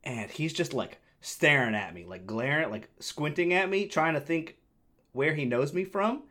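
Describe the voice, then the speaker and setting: A young man with an animated delivery, casually telling a story on a podcast, swearing freely and acting out the voices of the people in it. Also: fairly high pitch, normal speed. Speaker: podcast co-host.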